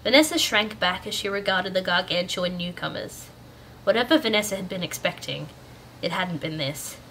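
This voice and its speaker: A woman's voice: on the low side, moderate pace, bright, forceful tone, a little hiss or hum. A young Australian woman chatting casually with her viewers and reading a story aloud. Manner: chatty, upbeat, with fillers. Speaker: storyteller and channel host. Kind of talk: casual chat, then read story narration.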